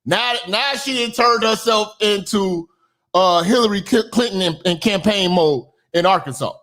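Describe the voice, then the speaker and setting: A man hosting a reaction commentary channel, animated and mocking, swearing freely as he talks back to clips. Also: high-pitched, moderate pace, soft background music.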